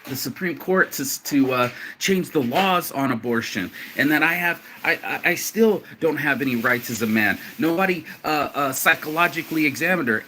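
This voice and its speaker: A man's voice: a little high, expressive, normal speed, hardly any pauses, sharp tone, a little hiss or hum. An emotional man talking outdoors in a rambling vlog monologue, restarting phrases and swearing casually. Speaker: vlogger. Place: outdoors, sitting on a bench.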